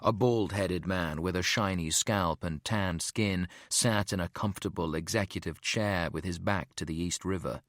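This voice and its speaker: Deep-voiced male audiobook narrator. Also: moderate pace, hardly any pauses, fairly bright tone, dry recording, clean studio sound. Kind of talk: scripted narration.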